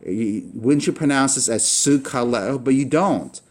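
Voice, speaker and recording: Slow, patient male language teacher. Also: mid-range voice, darkish tone. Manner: patient, halting explanation with frequent fillers and restarts; slows down to sound out words carefully. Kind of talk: recorded lesson at a whiteboard.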